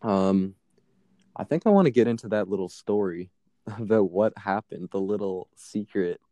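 A man's voice: lowish voice, moderate pace, mellow, no echo. A young man casually telling a long, profane story as a podcast co-host, laughing now and then.

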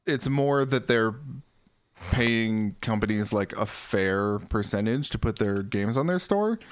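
A man's voice: lowish voice, expressive, slow, clean tone, no echo. A man hosting a casual gaming podcast, laid-back, steering topics and laughing often. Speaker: podcast host.

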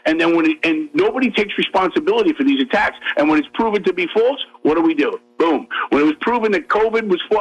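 A man's voice: fairly high pitch, lively intonation, breathy edge, rough recording. A man arguing his points on a radio talk show, emphatic and repetitive, over a faint music bed. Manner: emphatic, fast-talking, repeats himself. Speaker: guest.

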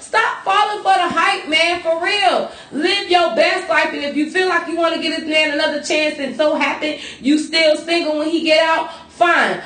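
A woman's voice: sits high, fairly bright tone, reverberant, far from the mic. A woman co-hosting a casual podcast chat, talking in a blunt, profane, fired-up way. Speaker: podcast co-host.

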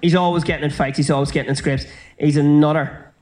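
A young Northern Irish man doing stand-up, telling his story in a brisk, conversational run and swearing casually. His voice sits a touch high for a man. He talks at a very quick clip. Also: steady tone, darkish tone. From South Armagh, Northern Ireland. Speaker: stand-up comedian.

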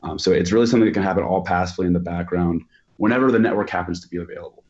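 A man's voice: deep voice, racing, a little mellow, muffled recording. A man guest explaining a technical topic, filling his sentences with "um" and "you know". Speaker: expert guest.

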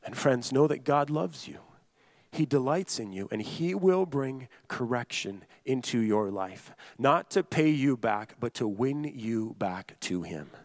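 Male pastor preaching, earnest and emphatic, repeats his points and addresses listeners directly, mid-pitched, dry close sound. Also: lively intonation, a little slow, dry recording. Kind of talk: sermon.

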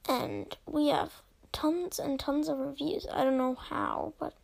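A woman's voice: high voice, wildly swooping pitch, measured pace, vocal fry. A young woman hosting a casual solo podcast, reading out listener reviews in a rambling, giggly way with plenty of ums. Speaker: podcast host.

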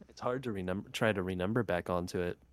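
A man's voice: low voice, fast. A young man in casual chat, laid-back and teasing, who drops the final g on his words.

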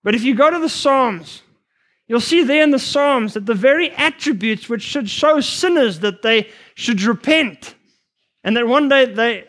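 A man preaching a sermon to future missionaries, earnest and emphatic, sometimes rushing his words. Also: very high-pitched, fairly bright tone. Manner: earnest, emphatic, rushes at times.

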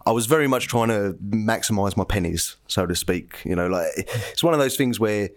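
A British man co-hosting a podcast, chatting casually and telling a travel story, laughing often. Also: moderate pace. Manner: chatty storyteller, laughs often, pitch jumps up when amused. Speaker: podcast co-host. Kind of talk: casual chat.

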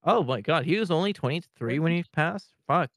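A young man from Saskatchewan in Canada hosting a casual podcast chat, halting and full of fillers, often laughing. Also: on the high side, animated, fairly bright tone, no echo, studio quality. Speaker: podcast host. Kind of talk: casual podcast chat over video call.

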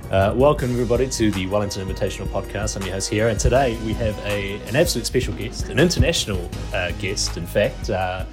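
Podcast host guy, lowish voice, lots of uhs, laid-back and amused. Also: fast, few pauses, music in the background. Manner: hesitant, lots of uh fillers, amused. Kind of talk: casual podcast chat.

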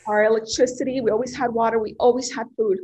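A woman in her forties whose first language is Spanish, telling her life story as an interview guest in an earnest, heartfelt way, with many ums and pauses. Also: a little high, steady tone, dark tone, slight background noise. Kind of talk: personal life story in conversation.

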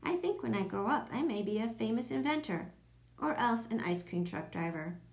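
Expressive woman reading a children's book. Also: on the high side, normal speed, vocal fry. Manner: lively, expressive storytelling. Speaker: audiobook narrator. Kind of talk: children's audiobook narration.

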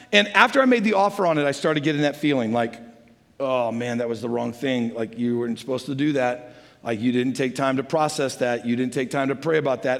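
High-pitched guy pastor preaching, chatty storytelling sermon, long church hall echo. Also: gravelly, fairly bright tone. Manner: conversational storytelling, sliding into prayer. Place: large church sanctuary.

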